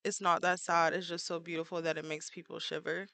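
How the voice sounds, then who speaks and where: A woman's voice: fairly low pitch, flat delivery, fairly quick, pushed and bright, no room sound. A woman artist chatting casually and playfully with her viewers while she draws, full of filler words. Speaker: artist streaming while drawing. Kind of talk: casual livestream chat with viewers.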